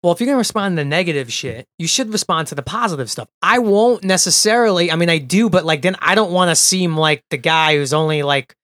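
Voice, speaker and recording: Male actor guest, high voice, dry and close, thoughtful and advising. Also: lively intonation, fast talker, few pauses, fairly bright tone, no room sound. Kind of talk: casual podcast chat.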